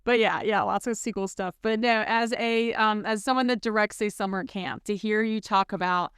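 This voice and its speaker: A woman's voice: mid-range voice, moderate pace, a bit bright, smooth, no echo, studio quality. A woman co-hosting a casual podcast chat in an upbeat, affirming way. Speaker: co-host.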